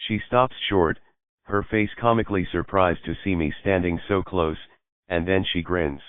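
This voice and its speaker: Deep-voiced man narrating a novel. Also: normal speed, smooth, no echo. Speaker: audiobook narrator. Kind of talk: scripted narration. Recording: narrow phone-like dry sound.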